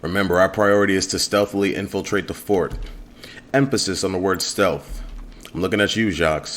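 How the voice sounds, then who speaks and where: Bossy guild leader dude laying down the law, a man reading it out, low voice. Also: fairly even intonation, a little fast, a bit bright, slight background noise. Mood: stern. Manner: firm, commanding.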